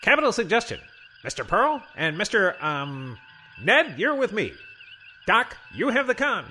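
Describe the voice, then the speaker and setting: A cocky starship captain, played by a man, who snaps out jaunty orders. His voice is high, bright and bouncy, with plenty of swing in the pitch. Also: big pitch swings, a little slow, a little hiss or hum, heavily acted. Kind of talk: comedy audio parody.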